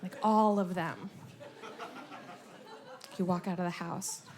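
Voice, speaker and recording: A woman performing a stand-up comedy set on stage, animated, slipping into silly voices. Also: lowish voice, slow pace, some chatter behind. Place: comedy club stage before a laughing audience.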